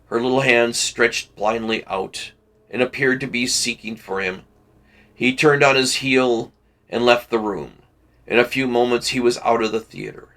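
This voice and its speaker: A man reading a classic novel aloud for a book club, measured and deliberate with occasional slips. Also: mid-range voice, bright, forceful tone.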